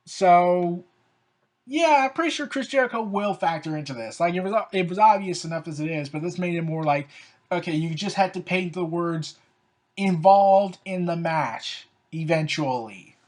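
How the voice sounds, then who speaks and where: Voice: medium pitch, lively intonation, moderate pace, darkish tone. A fan commentator talks through wrestling storylines in a loose, unscripted way. The delivery is sarcastic and openly exasperated, and it leans on "so, yeah" and "like" as fillers. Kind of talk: casual opinion commentary.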